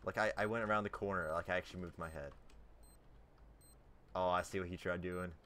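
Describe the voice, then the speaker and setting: A man casually chatting with teammates during an online shooter match, laid-back and often muttering quietly. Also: low-pitched, fairly even intonation, brisk. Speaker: gamer recording a multiplayer match. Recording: gameplay noise behind a voice-chat mic.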